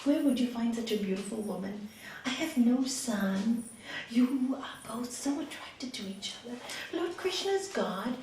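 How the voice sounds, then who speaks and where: A woman's voice: on the high side, a little mellow, a little hiss or hum. A woman telling a story, voicing a kindly old father who coaxes a young man to stay. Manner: persuasive, coaxing, quickening. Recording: echoey room from a distant mic.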